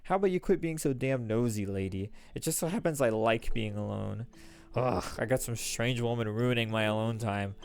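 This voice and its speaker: A man voicing a rude, jaded village boy who talks in a gruff, dismissive way and swears. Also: medium pitch, moderate pace, pitched below the performer's own voice, close to an everyday voice.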